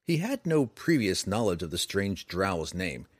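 A man reading a fantasy novel aloud with dramatic, expressive narration. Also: low voice, a little slow, dry recording, studio quality. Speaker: audiobook narrator.

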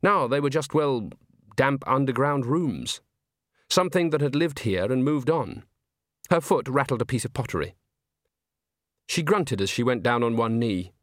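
A man narrating an audiobook in a measured, wry storytelling manner. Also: medium pitch, expressive, no room sound, studio quality.

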